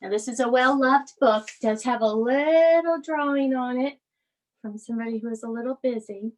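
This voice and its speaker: A woman leading a children's bedtime yoga class, speaking in a gentle, soothing, sing-song way as she reads a storybook aloud. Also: on the high side, moderate pace. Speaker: yoga instructor.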